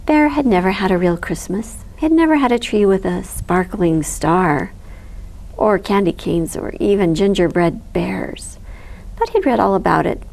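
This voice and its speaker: A woman reading a picture book aloud as a library storyteller, lively and expressive with soft giggles. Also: mid-range voice, moderate pace, creaky, rough recording.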